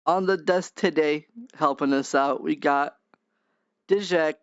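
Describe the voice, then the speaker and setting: A man hosting a casual gaming podcast, goofy and loud as he introduces his friends. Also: fairly high pitch, measured pace, clear, resonant tone, no echo, lo-fi sound. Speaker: podcast host.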